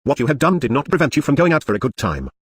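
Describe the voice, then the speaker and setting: A stern presiding judge questioning a defendant, read by a man in a husky, quick voice. The sound is dry and close. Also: mid-range voice, sing-song, no room sound.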